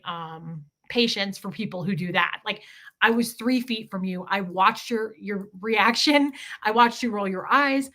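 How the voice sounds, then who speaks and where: A woman's voice: a little high, sharp tone. A woman hosting a casual livestream, telling stories in a chatty way and acting out the dialogue as she goes. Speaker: livestream host.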